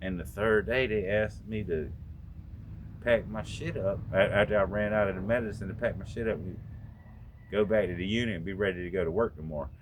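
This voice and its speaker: A man's voice: on the low side, fairly quick, noisy background. A middle-aged man from North Carolina telling a story from his own life in a casual vlog monologue, raw and profane, talking straight to his viewers. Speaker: storytelling vlogger. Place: home out in the country.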